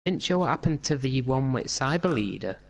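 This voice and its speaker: A man's voice: medium pitch, lively intonation, gravelly. Rambling young guy podcasting. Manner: rambling, halting, lots of fillers and restarts. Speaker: podcast host. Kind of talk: casual chat while gaming.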